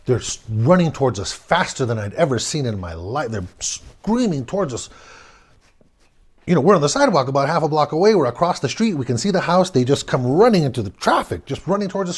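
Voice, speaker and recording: A man recounts an eerie childhood tale in a slightly husky voice. His pitch swings widely, leaping up for the exciting parts and dropping low and hushed for the frightening ones. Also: brisk. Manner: animated, swings between loud bursts and hushed tones. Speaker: storyteller. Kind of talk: personal ghost story told aloud.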